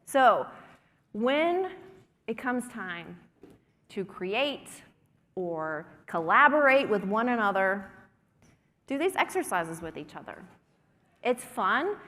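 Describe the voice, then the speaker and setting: The hall's long reverb surrounds this woman's highish, somewhat bright voice. Presenting a workshop in a conference breakout room, she walks participants through breathing and humming with warm encouragement.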